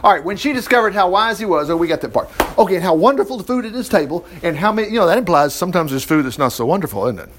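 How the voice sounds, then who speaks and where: A man's voice: high voice, animated, racing, few pauses, a bit bright, slight background noise. A man preaching a folksy sermon, reading scripture aloud and acting out little dialogues with jokes and laughs. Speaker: pastor.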